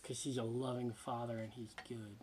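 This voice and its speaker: A man preaching a sermon with passion, often sinking to a hushed near-whisper for emphasis and repeating words as he gathers his thoughts. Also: medium pitch, flat delivery, moderate pace, breathy edge. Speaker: pastor.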